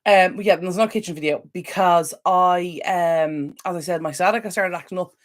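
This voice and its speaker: Irish woman, low voice, chatty live-stream host, rambling and sympathetic to viewers. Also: normal speed. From Ireland. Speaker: decluttering channel host. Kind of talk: casual live-stream chat.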